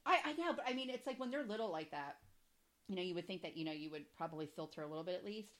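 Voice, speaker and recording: A woman's voice: fairly low pitch, expressive, rapid-fire, fairly bright tone. Laughing, foul-mouthed woman podcast host. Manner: swearing, laughing storyteller. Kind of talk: casual chat.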